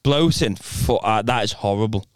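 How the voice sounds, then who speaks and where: Emphatic man, smooth clear voice, casual chat, dry mic. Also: on the low side, normal speed, no echo. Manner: emphatic, repeats himself to stress points.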